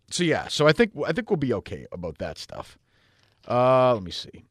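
This radio talk show host has a medium-pitched voice with big swings in pitch, delivered at normal speed in clean, echo-free studio sound. He answers listener questions in a rambling, blunt way, sometimes swearing.

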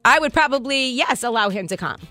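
A middle-aged woman co-hosting a radio show, chatting casually. Her voice sits high and comes across bright and forceful. She hands out frank, teasing advice to her partner. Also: lively intonation, a little fast, no echo, faint music behind. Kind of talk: casual on-air banter.

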